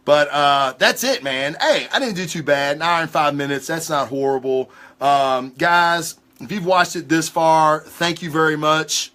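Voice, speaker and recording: A man hosting a casual livestream comic book review, talking in an excitable, rambling way with lots of swearing. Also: fairly high pitch, measured pace, few pauses. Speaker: comic book show host.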